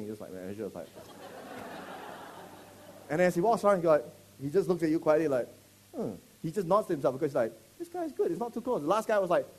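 A man preaching a sermon, animated and mock-serious, often breaking into loud comic asides. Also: sits high. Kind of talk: sermon with comic role-play.

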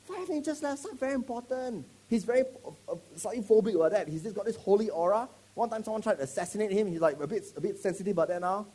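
A man preaching a sermon, animated and mock-serious, often breaking into loud comic asides. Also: sits high, very fast, hardly any pauses, breathy edge. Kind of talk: sermon with comic role-play.

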